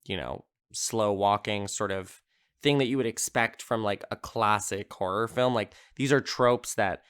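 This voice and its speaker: A man's voice: fairly low pitch, measured pace, a bit bright, clean tone. A man hosting a casual podcast, retelling a horror film in a chatty way, full of "like" fillers and easy swearing. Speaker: podcast host.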